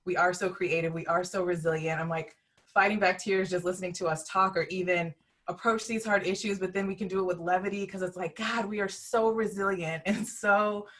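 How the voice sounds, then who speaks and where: A woman's voice: on the low side, fairly even intonation, a little fast, fairly bright tone. A woman on a discussion panel, speaking in a heartfelt, reflective way and often asking "you know what I mean?".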